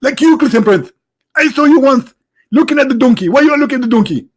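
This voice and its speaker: A man's voice: very high voice, lively intonation, fast talker, pitched above the performer's own voice. A man doing a mocking impression of an indignant, self-righteous male preacher who scolds and huffs defensively. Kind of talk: mocking impression in a live-streamed debate.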